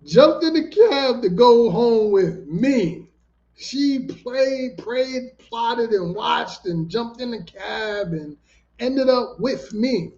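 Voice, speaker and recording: Animated, swearing male storyteller, lo-fi sound. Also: high-pitched, measured pace. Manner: animated, profane, repeats himself for emphasis. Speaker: host. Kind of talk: casual storytelling. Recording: dull lo-fi recording.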